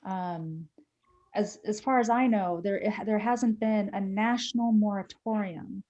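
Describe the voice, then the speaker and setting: A woman moderating a panel discussion, speaking in a measured, thoughtful way. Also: mid-range voice, mellow, highs cut off.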